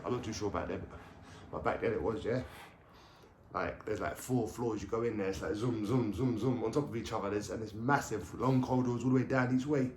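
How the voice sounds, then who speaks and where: A man's voice: fairly low pitch, brisk, a little mellow, a little hiss or hum. Man, echoey room storytelling. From London. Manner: rambling and slangy, swears freely, restarts. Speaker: vlogger. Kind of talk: casual storytelling to camera. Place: at home, indoors, with a dog.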